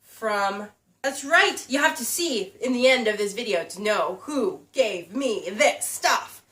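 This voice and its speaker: Filmed at home by someone else on a camera mic, a young woman YouTuber giggles and gushes while unboxing a gift in an emotional, casual chat. Her voice is slightly high, a little bright, expressive, and slow.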